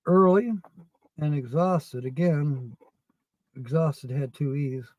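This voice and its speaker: Guy on a livestream rambling along slow, kinda high voice, dry close mic. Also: a little mellow, no echo, poor audio. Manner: slow, rambling, reads out letters and chats with viewers. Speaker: livestream host scratching lottery tickets. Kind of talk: casual live-stream chat.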